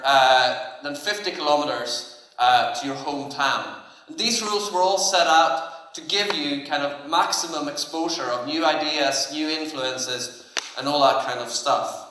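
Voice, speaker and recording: A man speaks at a conference in a reverberant hall. His voice sits a little high and bright, and his delivery is relaxed and halting, full of pauses. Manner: relaxed, hesitant, many fillers. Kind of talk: conference talk. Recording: echoey hall.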